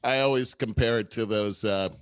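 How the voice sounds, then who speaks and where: A man's voice: fairly low pitch, moderate pace, clean tone, no echo. A man in his fifties co-hosting a podcast, talking earnestly and supportively in a casual chat. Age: 50s. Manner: earnest, warm-hearted and supportive. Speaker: podcast co-host.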